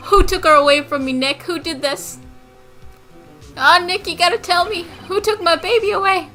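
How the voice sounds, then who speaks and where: A woman's voice: extremely high pitch, fairly even intonation, moderate pace, bright, forceful tone, faint music behind, voice pushed up. A woman voicing a frantic, heartbroken young man who wails melodramatically in a wobbly put-on accent. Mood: wailing.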